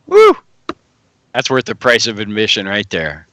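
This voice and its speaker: A man's voice: lowish voice, animated, brisk, bright, forceful tone, no room sound. A man co-hosting a live stream, chatting in an easygoing way with guests and viewers. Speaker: co-host of a live stream show. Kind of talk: casual live-stream banter.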